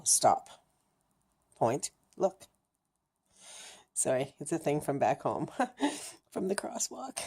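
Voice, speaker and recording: Frank, animated woman vlogging to camera. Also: deep voice. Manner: animated, laughing, mimics racing thoughts with fast chatter; frank, swears casually. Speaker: vlogger sharing her cancer journey. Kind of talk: casual chat to camera.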